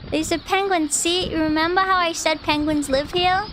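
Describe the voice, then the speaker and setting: High-voiced Australian woman streamer. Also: fairly even intonation, normal speed, a bit bright, slight background noise. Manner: exclaiming reactions, frequent laughter. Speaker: VTuber streamer. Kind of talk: live-stream reaction commentary.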